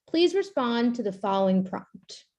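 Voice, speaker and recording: A woman's voice: fairly high pitch, very animated, slow pace, a little mellow. A woman from Brooklyn, chatting wittily and then performing a sardonic poem at an online open mic. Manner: witty, sardonic. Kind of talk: performance poetry and chat. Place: home, on a video call. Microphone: video call.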